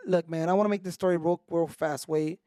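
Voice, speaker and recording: A man cohosting a podcast, with a fairly high voice and a rapid delivery. He tells stories in an animated, unfiltered way and slips into Spanish. The sound is dry and close. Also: clean tone, dry recording. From Mexico. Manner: animated storytelling, swearing, mixing Spanish into English. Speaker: podcast co-host. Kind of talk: casual chat.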